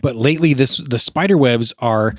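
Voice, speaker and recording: A man's voice: medium pitch, moderate pace, no room sound, studio quality. A man co-hosting a podcast, easygoing in casual chat, explaining things at length. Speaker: podcast co-host.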